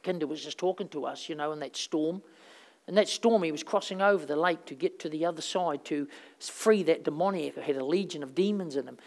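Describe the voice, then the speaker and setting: A woman preaching a sermon in a conversational, rambling storytelling way, full of fillers, swinging between loud and soft. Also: deep voice, a little fast.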